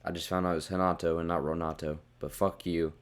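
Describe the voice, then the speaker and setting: A young man with a low voice tears through a casual fight recap, blunt and profane. He gets heated and loud at times, and his voice sounds a bit worn from shouting. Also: level tone, fast, clear, resonant tone. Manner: blunt, profane, worked-up rants. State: losing his voice. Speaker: fight reviewer.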